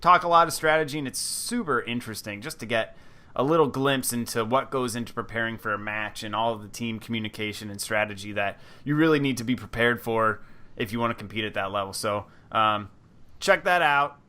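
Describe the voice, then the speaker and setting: A man's voice: medium pitch, brisk, pushed and bright. A man hosting a competitive gaming podcast, presenting segments in an upbeat, fluent way with casual fillers. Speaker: podcast host. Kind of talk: casual chat.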